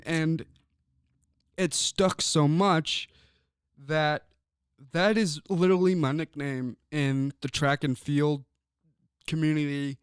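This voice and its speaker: A young man from Illinois hosting a sports talk show, speaking earnestly and haltingly with frequent ums and repeated words. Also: fairly high pitch, fairly even intonation, clear, resonant tone, no echo, studio quality. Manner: earnest and personal. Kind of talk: casual sports talk monologue.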